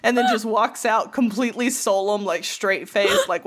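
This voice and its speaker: Animated woman telling a workplace story. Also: mid-range voice, normal speed. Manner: animated storyteller, acts out voices in anecdotes, swears. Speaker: podcast co-host. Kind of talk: casual chat and anecdote.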